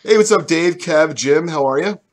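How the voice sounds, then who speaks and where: A man coming down with a cold, his voice gone deep, chatting casually on a live stream as a co-host. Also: normal speed. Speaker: card break co-host.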